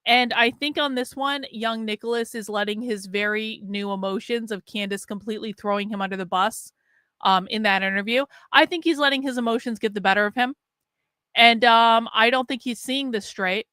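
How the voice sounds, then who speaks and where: Woman streamer, high bright voice, dry close sound; chatty and profane, talks straight to her viewers. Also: steady tone, moderate pace, clean tone, no room sound. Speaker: live-stream host. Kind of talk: casual live-stream commentary.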